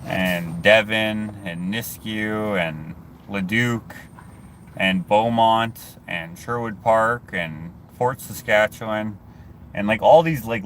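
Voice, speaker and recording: Rambling low-voiced man chatting in a car. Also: fairly bright tone, a little hiss or hum. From Canada. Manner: rambling, chatty, self-interrupting. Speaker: vlogger. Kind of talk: casual chat reading viewer comments. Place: inside a car. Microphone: phone.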